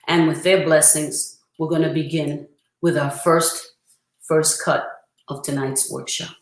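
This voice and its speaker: A priestess presenting a spiritual workshop, talking earnestly and reverently with frequent pauses, and reciting a prayer. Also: female voice, low-pitched, steady tone. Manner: earnest, reverent, pausing often to gather thoughts. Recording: roomy echo.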